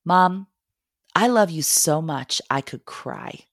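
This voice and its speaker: A woman voicing her cheerful, affectionate young son, calling out in a bright, excited way. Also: low voice, takes it slowly, no room sound, clean studio sound, heavily acted.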